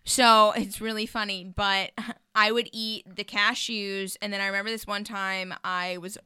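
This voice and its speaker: A woman tells stories in a relaxed chat, her voice bright and smooth. She talks in an animated way and laughs often. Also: mid-range voice, a little slow, no room sound, clean studio sound. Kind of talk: casual chat.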